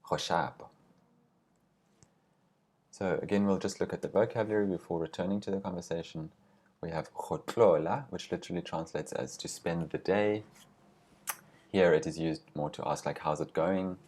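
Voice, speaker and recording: A man with a very low, husky voice teaches a recorded language lesson. He reads short example phrases, then walks through each word patiently and slows on the important ones. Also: a little mellow. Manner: patient, explains word by word, slows on key words.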